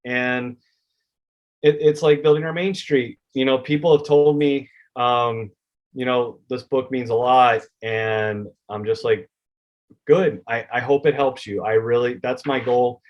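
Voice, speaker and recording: A man's voice: mid-range voice, fairly even intonation, a little slow, highs cut off. Heartfelt male author telling stories. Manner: heartfelt, acts out quoted exchanges. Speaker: children's book author, guest. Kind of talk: conversational interview storytelling.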